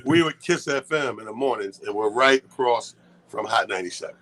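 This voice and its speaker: A man of middling pitch co-hosts a talk radio show. He tells animated stories with plenty of cursing and speeds up when he gets excited. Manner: animated, swears freely, talks fast when excited. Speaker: radio co-host. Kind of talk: casual radio chat, storytelling.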